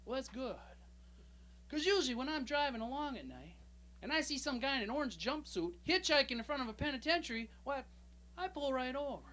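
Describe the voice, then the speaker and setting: Bright, dry-witted male comic. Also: extremely high pitch, very animated, fairly quick, a little hiss or hum. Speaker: stand-up comic. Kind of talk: stand-up comedy set. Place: small comedy club stage, audience laughing.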